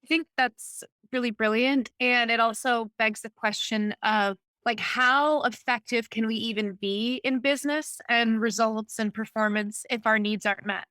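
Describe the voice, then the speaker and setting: A woman's voice: on the high side, steady tone, moderate pace, few pauses, sharp tone, smooth, no room sound. A woman co-hosting a panel discussion, thoughtful and building on what others have said. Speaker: podcast co-host.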